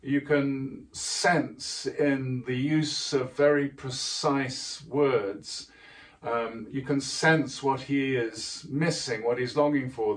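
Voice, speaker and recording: A man teaching how to write poetry, explaining things in a measured way and stressing words with care. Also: mid-range voice, distant mic. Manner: measured, deliberate delivery with careful emphasis. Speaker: writing teacher.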